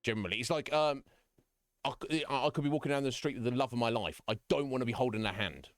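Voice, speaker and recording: A man's voice: medium pitch, fast talker, dry recording, studio quality. A man live-streaming from home, chatting casually with viewers in a frank, rambling way, often breaking into chuckles. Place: home room.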